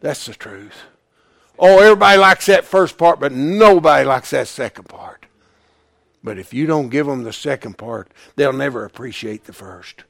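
A man preaching a sermon as pastor, rising to shouted peaks and falling to hushed, near-whispered lines, with emphatic repetition. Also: mid-range voice, moderate pace, vocal fry, dry recording, studio quality.

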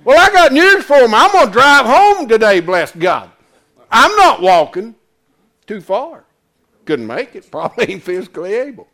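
An older man preaching a folksy, emphatic sermon, swinging from loud to quiet. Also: extremely high pitch, big pitch swings, normal speed. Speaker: pastor.

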